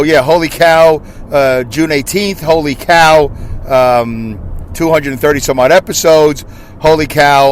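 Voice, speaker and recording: A man with a New York accent hosting a podcast, rambling jokingly as he drives to work. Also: medium pitch. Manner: rambling, jokey, self-mocking. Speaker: podcast host. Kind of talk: casual monologue while driving. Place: inside a car on a highway. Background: car and road noise.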